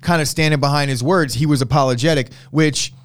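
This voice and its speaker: A man on a sports talk show lays out his take in plain, casual terms. He is blunt and opinionated, and he does not shy away from a curse word when he is making his point. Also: on the high side. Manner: opinionated, blunt, quick to swear.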